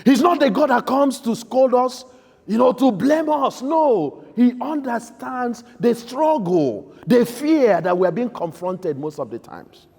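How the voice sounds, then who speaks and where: A man preaching a sermon as priest in a church, emphatic, swinging between loud outbursts and soft, quiet lines. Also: very high voice, lively intonation, a little slow, husky. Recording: echoey church hall.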